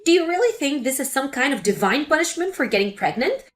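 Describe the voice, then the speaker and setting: A woman's voice: sits high, sing-song, quick pace, soft background music. A woman reading a dramatic family story aloud in a hurt, incredulous voice. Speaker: narrator.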